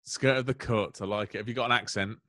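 Chatty comedian guy, talks fast, lowish voice, quick laughs. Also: fairly even intonation, bright, forceful tone. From England. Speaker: guest comedian. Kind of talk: casual podcast chat.

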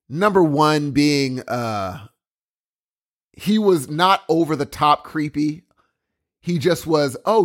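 A man co-hosting a casual movie review conversation, animated, exclaiming and laughing often. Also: mid-range voice. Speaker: podcast co-host. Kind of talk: casual film review chat.

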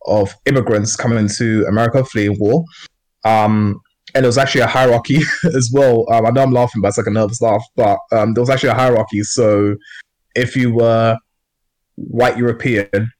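A man's voice: lowish voice, darkish tone. A man co-hosting a casual podcast discussion, talking in a rambling way with many fillers and restarts. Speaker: podcast co-host.

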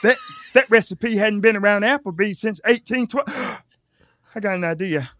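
A man's voice: high-pitched, normal speed, a bit bright. A man doing improv comedy as a flustered, eager restaurant worker who stammers.

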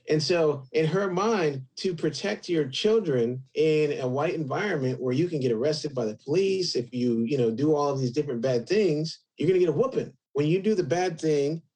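A man's voice: a little high, a little mellow, far from the mic, poor audio. A man as an interview guest, telling a personal story earnestly and rambling a bit, leaning on "like" a lot. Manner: earnest, rambling, heavy use of "like".

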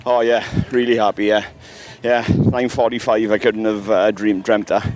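A man's voice: lowish voice, flat delivery, normal speed, darkish tone. Emotional Welsh-born man. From Wales. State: emotional, close to tears. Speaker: race finisher. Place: outdoors at a race finish.

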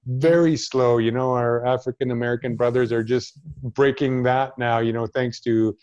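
A man's voice: medium pitch, steady tone, moderate pace, a little mellow, dry recording, lo-fi sound. A middle-aged man, an actor guest in a casual chat, speaking earnestly and bluntly.

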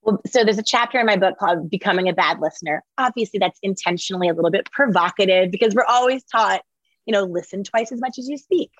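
A woman author and entrepreneur, speaking as an interview guest in an energetic, emphatic, motivational way. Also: medium pitch, fast talker, dry recording, dull audio. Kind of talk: conversational interview.

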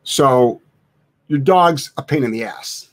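A man who trains dogs, answering live chat questions bluntly, swearing freely and mocking soft owners in a sing-song voice. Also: mid-range voice, takes it slowly. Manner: blunt, profane, animated, mocks in a sing-song voice. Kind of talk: casual live Q&A.

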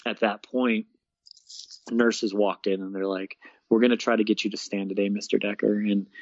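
A young man, a guest, casually telling his story in an interview, animated and laughing often, peppering his talk with "man" and "bro.". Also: fairly low pitch, dry recording. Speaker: guest, fitness coach and speaker. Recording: dull, dry lo-fi sound.

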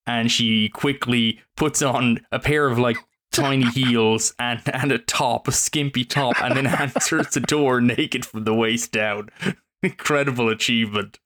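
A man co-hosting a podcast, chatting casually about films, animated and quick to swear and laugh. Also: medium pitch. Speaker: podcast co-host. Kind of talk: casual film review chat.

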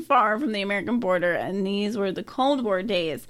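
A woman's voice: medium pitch, animated, moderate pace, few pauses. Giggly woman reading a story aloud. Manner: laughs often, reacts with quips and joking asides. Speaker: podcast co-host.

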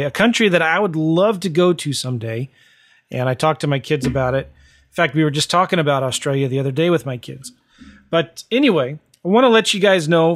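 A man hosting a podcast, chatty and upbeat, promoting his book and interviewing a guest. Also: a little high. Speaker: podcast host.

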